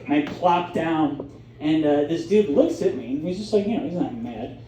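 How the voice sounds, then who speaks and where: A man's voice: a little high, moderate pace, slight background noise. A man doing a stand-up comedy set in a club, telling stories with comic voices. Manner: animated storytelling with comic voices. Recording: roomy club sound from a distance.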